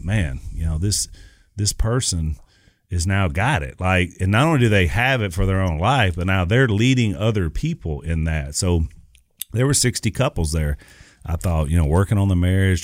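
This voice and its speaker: A middle-aged man hosting a casual chat, talking in a loose, rambling way with lots of fillers. His voice is deep, and the recording is dry and close. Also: moderate pace, no room sound. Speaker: host.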